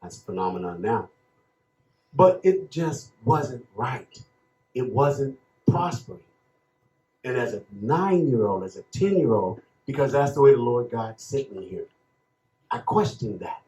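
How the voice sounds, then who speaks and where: A man in his fifties from Chicago, giving emotional, preacher-like testimony as a panel speaker with slow emphatic phrases. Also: mid-range voice, lively intonation, warm tone. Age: 50s. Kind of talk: impassioned testimony. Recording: echoey room, dull lo-fi sound.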